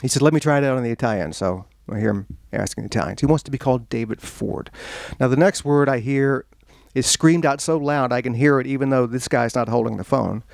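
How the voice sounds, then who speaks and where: This American author speaks a little fast in a medium-pitched, gravelly voice, with no echo. Telling comic stories to a bookstore crowd, he animatedly impersonates the people in his tales and makes self-deprecating jokes.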